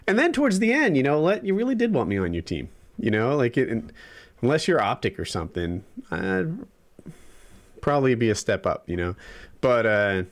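A man's voice: mid-range voice, big pitch swings, normal speed. A man in his forties co-hosting a podcast, chatting casually and rambling with lots of fillers. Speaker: podcast co-host. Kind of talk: casual chat.

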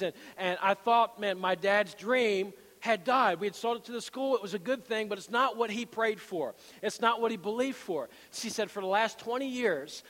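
A man's voice: sits high, a bit bright. A man preaching a sermon as pastor, telling a story with energy and rousing the congregation. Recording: long hall reverb.

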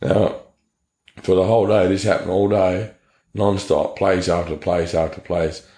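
A man's voice: sits low, fairly even intonation, measured pace, mellow. An Australian man telling his personal story in an interview, blunt and earnest, with plenty of slang. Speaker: interview guest. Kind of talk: personal testimony. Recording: echoey room.

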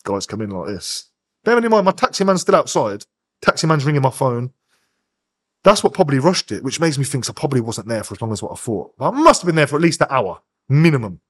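A man's voice: medium pitch, sing-song, fast talker. A man, a podcast guest telling a hard personal story in blunt, profane street slang. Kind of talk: candid storytelling interview.

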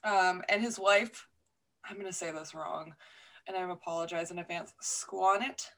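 Bright, sharp-toned woman as podcast host; laid-back, profane storytelling. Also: fairly low pitch, steady tone, normal speed. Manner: laid-back storytelling, swears freely, laughs often. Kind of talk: casual chat.

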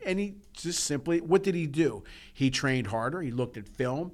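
A man's voice: a little high, very animated, moderate pace. An earnest man co-hosting a podcast, telling personal stories from the heart. His talk is casual and full of restarts and repeats. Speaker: podcast co-host.

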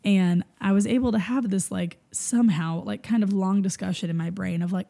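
A young woman, a worship leader, telling a story in a casual chat, animated, laughing and full of fillers. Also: medium pitch, brisk, gravelly.

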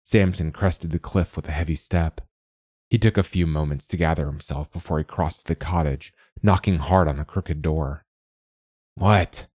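In a measured, even pace, a man narrates a story. His very deep, husky voice sounds close and dry, free of any room echo.

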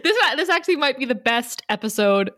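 A woman's voice: high-pitched, animated, a little fast, a bit bright, no echo, studio quality. A tired woman co-hosting a podcast in casual chat, joking and laughing often. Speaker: podcast co-host.

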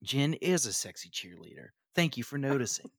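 Man player, playful and jokey, lively pitch, dry recording. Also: brisk, gravelly, no room sound. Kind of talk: casual role-play banter.

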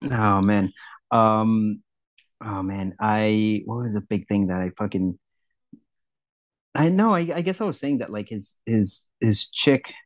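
A man co-hosting a podcast in casual chat, rambling and swearing, with sudden excited loud bursts. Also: lowish voice, unhurried, no room sound. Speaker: podcast co-host.

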